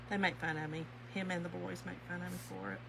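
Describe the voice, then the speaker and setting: Heavy background noise surrounds a low, gravelly female voice with a Kentucky accent. She's hosting a chatty craft stream, calling out viewers by name, reading their comments, and laughing easily, her talk folksy, warm-hearted, and sprinkled with "y'all."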